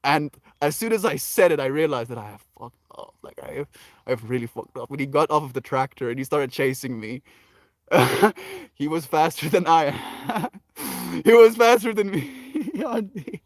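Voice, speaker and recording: A man's voice: medium pitch, moderate pace, no echo. A man hosting a casual livestream, reading viewer comments and answering with earnest encouragement and frequent laughs. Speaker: livestream host.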